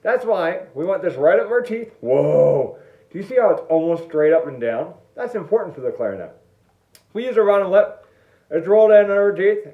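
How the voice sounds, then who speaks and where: A man's voice: high-pitched, big pitch swings, a little fast. A man teaching an online music lesson, playful and jokey as he demonstrates each step. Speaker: band teacher. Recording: echoey room, dull lo-fi sound.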